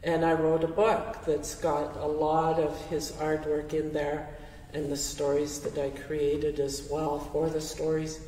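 An older woman giving a heartfelt talk with audience questions, speaking gently and reflectively with soft laughs. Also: deep voice, monotone, a little slow, a little hiss or hum. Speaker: speaker sharing teachings through her late husband's art. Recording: roomy hall, voice from far off the mic.

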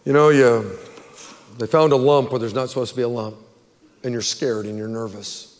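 A man's voice: mid-range voice, fairly even intonation, normal speed. Male pastor, mid-range voice, earnest pleading sermon, long church reverb. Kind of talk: sermon altar call and prayer. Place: church sanctuary.

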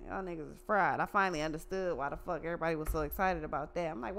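A woman's voice: low-pitched, racing, creaky, few pauses, a bit bright, slight background noise. A woman giving a casual tarot reading in a blunt, profane, slangy way. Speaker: tarot reader.

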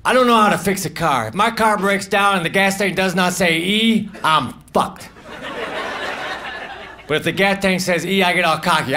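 Deadpan stand-up guy, kinda high voice, offhand one-liners, live club tape w/ crowd noise all over. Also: brisk. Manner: deadpan, offhand one-liners, drifts into low muttered asides. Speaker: stand-up comedian. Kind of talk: stand-up comedy set. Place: comedy club stage with laughing audience. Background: audience laughter.

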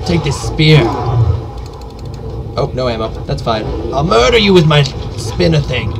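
A man giving joking live commentary while playing a game, yelping and shouting during fights. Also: a little high, very animated, measured pace, vocal fry, music in the background. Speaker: let's play gamer.

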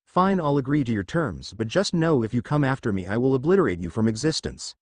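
A brash, cocky young ninja, read out by a man who tosses off threats. Lively pitch and a dry, close sound. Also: fairly quick, no room sound. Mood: defiant.

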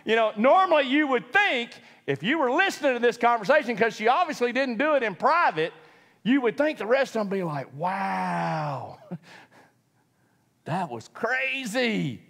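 Animated, high-voiced preacher man. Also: fairly quick, long reverb tail. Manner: animated storytelling, acts out voices, laughs often. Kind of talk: sermon.

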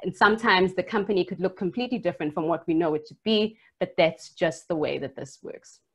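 A woman panelist on a video call, giving brisk, earnest advice. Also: lowish voice, breathy edge. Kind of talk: online panel discussion.

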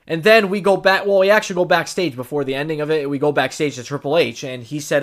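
A man's voice: fairly high pitch, fast talker. A man hosting his own podcast, recapping events in a loose, rambling way with many restarts and casual swearing. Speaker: podcast host. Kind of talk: casual solo commentary.

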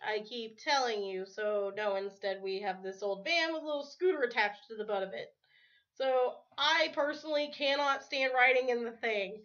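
A woman's voice: fairly high pitch, a bit bright. A woman in her thirties chatting casually to her camera at home, rambling from one thing to the next and laughing often between words. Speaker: vlogger. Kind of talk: casual rambling vlog chat. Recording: dull lo-fi home recording.

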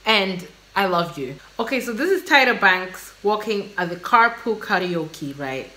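Gushing woman with a lively, bright voice. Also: mid-range voice, a little slow, slight background noise. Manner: gushing, excitable, exclaiming and laughing. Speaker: reaction video host. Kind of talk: casual reaction commentary.

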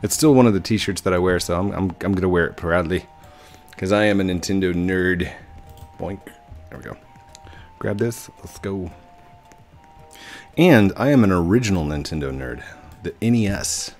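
A man's voice: deep voice, moderate pace, long pauses, soft background music. A man giving casual gameplay commentary, rambling with many fillers and restarts. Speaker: gaming video host.

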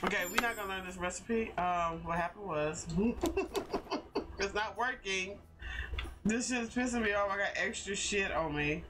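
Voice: mid-range voice, unhurried. A streamer chatting casually while playing a cooking game, talking to self and viewers, laughing a lot and swearing when things go wrong. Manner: talks to self and chat, laughs often, curses when frustrated. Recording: clicking and steady noise behind.

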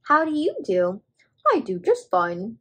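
A woman's voice: mid-range voice, wildly swooping pitch, unhurried, fairly bright tone, full character voice. A woman voicing a small, polite farm pig in a toddler show. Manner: prim and polite.

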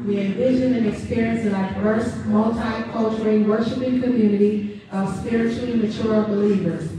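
A woman leading a church service, upbeat and exclamatory, welcoming visitors and calling for amens from the congregation. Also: mid-range voice. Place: church sanctuary. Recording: echoey church hall, distant mic, congregation audible. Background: congregation responding.

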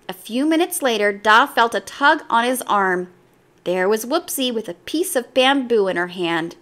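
Brief: woman storyteller, children's book read-aloud, lively and bright-pitched. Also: moderate pace.

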